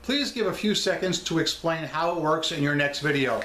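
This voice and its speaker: A man's voice: on the high side, normal speed, bright, forceful tone, roomy sound, slight background noise. A man with a New York accent, talking straight to his viewers about selling online in a blunt, emphatic way. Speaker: online seller vlogger. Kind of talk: casual chat.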